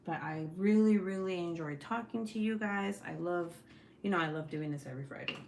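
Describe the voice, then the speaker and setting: A woman's voice: lowish voice, fairly quick, vocal fry, a little mellow. A young woman hosting a casual home livestream, chatting bluntly with viewers and swearing freely. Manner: blunt, profane and talkative. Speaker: livestream host. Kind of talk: casual chat with live viewers. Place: home, at night. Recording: echoey room with faint background noise.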